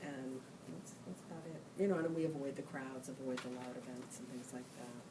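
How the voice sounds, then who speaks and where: Low-voiced woman on a distant panel mic. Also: flat delivery. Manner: earnest, quick-minded, many fillers. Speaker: panelist, child of a brain injury survivor. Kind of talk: panel discussion. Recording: distant mic with clear room noise.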